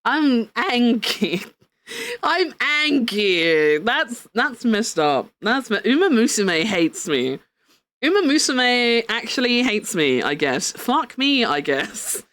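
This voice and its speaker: A woman chatting casually on a live stream, excitable, swearing and laughing often. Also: fairly high pitch, slow pace, dry recording. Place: home room at a desk.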